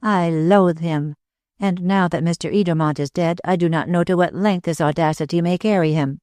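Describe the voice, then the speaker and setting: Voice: mid-range voice, brisk, dry recording, lightly acted. A narrator voicing a proud, bitter young woman. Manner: steady and bitter. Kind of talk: audiobook character reading.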